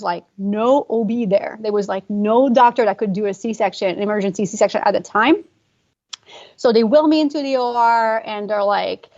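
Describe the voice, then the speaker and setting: Woman telling a story fast and emotionally. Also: fairly high pitch, a little mellow, muffled recording. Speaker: guest, pre and postnatal fitness coach. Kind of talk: conversational podcast interview.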